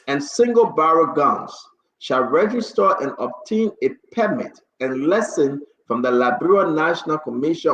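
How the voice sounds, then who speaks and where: A man hosting a live radio talk show, reading an official order slowly and pleading with guests who interrupt him. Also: medium pitch, vocal fry, fairly bright tone, echoey room, dull audio.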